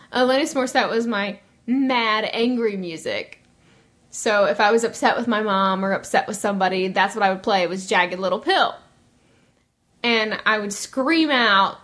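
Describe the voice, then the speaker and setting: A woman in her twenties talks through a casual solo podcast with a slightly high voice. She rambles happily into side stories and laughs often. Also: a bit bright. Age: 20s. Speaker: podcast host.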